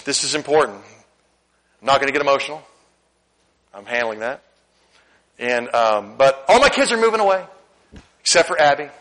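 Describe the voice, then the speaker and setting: Animated middle-aged male pastor preaching. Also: on the high side, poor audio. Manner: candid and animated, swinging from loud emphasis to quiet asides. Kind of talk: sermon. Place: church sanctuary.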